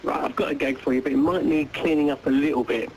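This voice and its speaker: A man's voice: on the high side, steady tone, quick pace, rough recording. A man calling in to a radio show, telling a joke a bit hesitantly at first, then steadily. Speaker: caller. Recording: loud noise on caller line.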